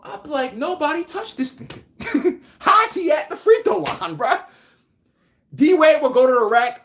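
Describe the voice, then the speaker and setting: A man hosting a live basketball talk stream, animated and trash-talking, laughing often and answering viewers by name. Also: extremely high pitch. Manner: addresses chat viewers by name. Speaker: podcast host. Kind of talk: casual live sports talk.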